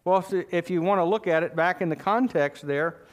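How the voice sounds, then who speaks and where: A man's voice: high-pitched, a little fast. A man preaching a sermon as pastor, emphatic and calling out for amens from his congregation. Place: church.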